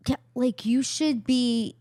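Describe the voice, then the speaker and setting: A woman's voice: a little high, takes it slowly, warm tone, no echo, studio quality. Chatty woman with a Bronx accent. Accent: Bronx New York. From the Bronx, New York. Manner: enthusiastic, gushing. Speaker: podcast host. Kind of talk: casual chat.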